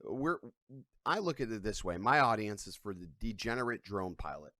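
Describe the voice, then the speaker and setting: A man's voice: fairly low pitch, lively intonation, moderate pace, bright, forceful tone, no echo, clean studio sound. A man hosting a casual live stream, rambling in a profane, irreverent way from his couch at home. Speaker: livestream host.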